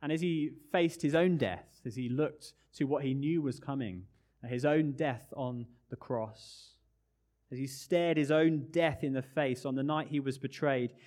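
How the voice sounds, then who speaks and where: A man preaching a sermon with earnest emphasis, dropping to hushed low phrases and rising again. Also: a little slow.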